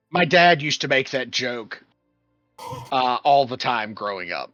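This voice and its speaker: A man's voice: medium pitch, sing-song, slow, fairly bright tone, highs cut off, soft background music. A man co-hosting a casual gaming podcast, bantering and laughing a lot. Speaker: podcast co-host.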